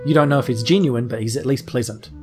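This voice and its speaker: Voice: mid-range voice, fast talker. Gm running a tabletop game, laid-back and rambly, faint music under. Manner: relaxed, filler-heavy narration. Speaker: game master.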